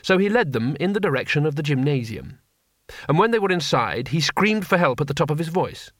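Male storyteller, expressive, rising and falling tone, slightly higher voice, dry close sound. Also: brisk, no room sound. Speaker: audiobook narrator. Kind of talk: scripted narration.

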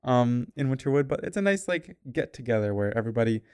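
Relaxed man narrating as game master. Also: mid-range voice, fast, clean tone, no room sound, clean studio sound. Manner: relaxed, descriptive, with fillers.

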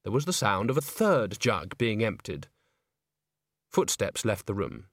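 A man reading a comic fantasy story aloud in wry, measured scripted narration. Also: on the low side, sing-song, a bit bright, dry recording, studio quality. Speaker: audiobook narrator.

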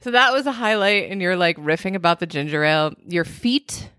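A woman co-hosting a casual podcast, chatting playfully and breaking into laughter often. Her voice sits on the low side, recorded dry and close with no room sound. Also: lively intonation, a little fast, bright, forceful tone, smooth, no echo. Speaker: podcast co-host. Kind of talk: casual chat.

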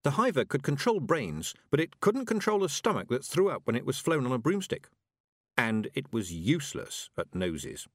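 This is scripted audiobook narration by a man who brings the story to life with expression. He speaks at normal speed with a medium pitch, and the clean studio recording is dry.

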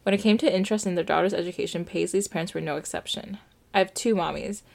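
Low gravelly young woman reading aloud. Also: quick pace. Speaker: podcast co-host reading a story. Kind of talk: casual story reading.

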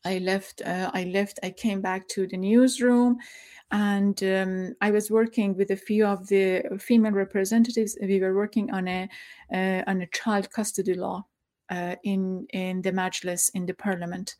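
A middle-aged woman tells a personal story. She speaks haltingly and emotionally, stopping to search for words and using many fillers, and sounds close to tears. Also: medium pitch, little pitch movement, a little mellow. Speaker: former journalist.

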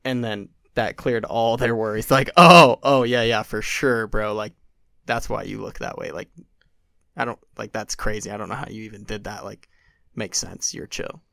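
A young man spins a long anecdote in a low, gravelly voice that sits close and dry to the mic. He keeps it loose and animated, dropping in plenty of "like" and doing little voices for the people he quotes. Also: normal speed, no echo. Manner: animated, acts out quotes, many "like" fillers. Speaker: podcast guest. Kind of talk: casual storytelling.

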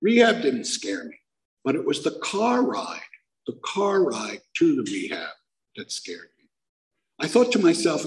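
A man's voice: a little high, wildly swooping pitch, unhurried, low-quality recording. Self-mocking male storyteller. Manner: conversational, self-mocking, acts out quoted voices. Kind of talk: live personal storytelling.

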